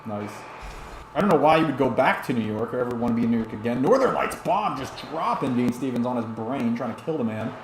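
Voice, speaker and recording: A man's voice: mid-range voice, lively intonation, fast, echoey room, noisy background. A tipsy man streaming and giving rambling play-by-play commentary on a wrestling video game, chatting back to his viewers.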